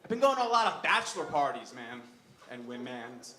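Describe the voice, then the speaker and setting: A man doing a stand-up set on a comedy club stage, animated and loud, shouting his punchlines. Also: mid-range voice, brisk. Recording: roomy club with audience noise.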